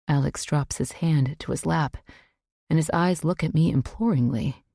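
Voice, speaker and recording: A woman narrating a suspense audiobook in the first person, in a measured, tense way. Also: sits low, gravelly, mellow, slightly rough, dry recording, studio quality.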